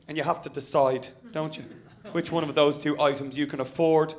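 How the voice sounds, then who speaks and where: A man's voice: fairly high pitch, little pitch movement, a little fast. A young Irish man doing a stand-up set, punchy and self-mocking, with tag lines after each joke. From Ireland. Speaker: stand-up comedian. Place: comedy venue with live audience.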